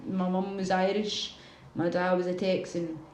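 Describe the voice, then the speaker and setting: A woman's voice: on the low side, flat delivery, a little slow, darkish tone, echoey room, slight background noise, low-quality recording. A Glaswegian woman from Scotland chatting casually on a livestream, rambling and answering her viewers' comments as she goes.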